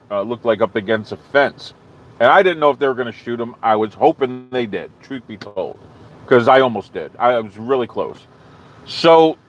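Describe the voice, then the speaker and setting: A man hosting a live stream, telling a long story to his chat in a rambling, animated way and acting out his own quotes. He is not from the American South. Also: fairly high pitch.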